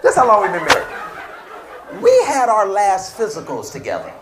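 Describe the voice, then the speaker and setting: A middle-aged male comedian doing a loud, animated stand-up set on a club stage, shouting punchlines. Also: sits high, fairly quick. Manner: loud, animated delivery with frequent laughs and shouts. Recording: live club with crowd and noise.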